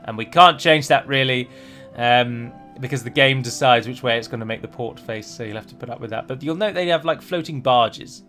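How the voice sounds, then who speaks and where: A man's voice: mid-range voice, a little fast, bright, forceful tone, faint music behind. A man giving casual gameplay commentary, rambling and self-deprecating with chatty asides.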